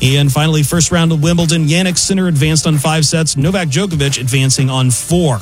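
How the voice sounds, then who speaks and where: Male sports update reader, brisk and informative, slightly high voice, faint music under him. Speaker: sports news update anchor.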